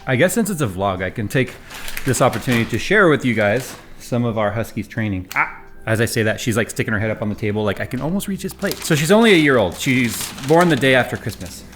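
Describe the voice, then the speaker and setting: A man's voice: medium pitch, animated, quick pace, a bit bright, a little hiss or hum. Man rambling through his house tour. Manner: rambling and conversational, restarts sentences. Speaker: tech YouTuber showing his home. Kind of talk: casual vlog walkthrough. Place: house, walking between rooms.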